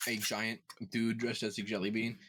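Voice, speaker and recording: A man co-hosting a casual podcast chat, playful and quick to react out loud. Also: on the low side. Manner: expressive, reacts loudly, playful. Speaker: podcast co-host.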